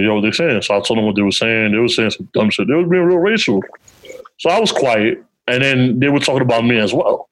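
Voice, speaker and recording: Animated man telling stories on a podcast. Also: poor audio. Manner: animated, acts out quotes with big pitch jumps; streetwise slang, frequent "you know what I'm saying". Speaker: podcast co-host. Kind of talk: casual chat, storytelling.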